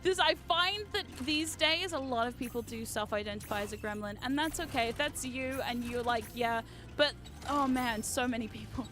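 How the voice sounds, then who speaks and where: A woman streaming a game, chatting excitedly with her viewers, swearing freely and shouting at the game. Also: on the high side, moderate pace, over music. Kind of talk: live-stream gameplay chat.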